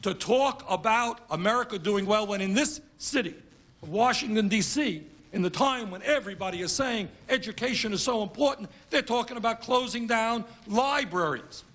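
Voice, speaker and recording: A man's voice: high-pitched, moderate pace, a bit bright. A congressman giving an emphatic speech at a conference, building his points through repeated phrases.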